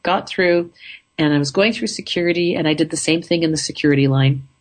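A woman casually telling a travel story in an upbeat, chatty way, her throat a little rough. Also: deep voice, fairly quick.

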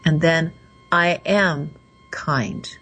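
A woman hosting a call-in radio show, slowly and soothingly guiding listeners through affirmations. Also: sits low, wildly swooping pitch, a bit bright, husky, low-quality recording. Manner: slow, soothing, guides affirmations. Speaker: radio show host and coach.

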